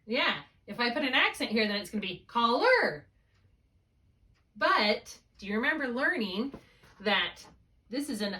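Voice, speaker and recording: A woman's voice: mid-range voice, bright, forceful tone. Woman tutor on a video call, patient and methodical, mid-range voice, slightly distant from the laptop mic. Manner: patient, explains step by step with check-in questions. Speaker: reading tutor. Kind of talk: one-on-one spelling lesson. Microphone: laptop mic, held while writing.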